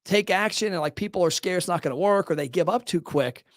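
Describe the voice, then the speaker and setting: Upbeat male podcast host with a fairly high voice and a pitch-driven, motivational delivery; close, dry studio mic. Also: dry recording. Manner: energetic, animated, talks in quick bursts; salesy, motivational. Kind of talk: casual podcast conversation.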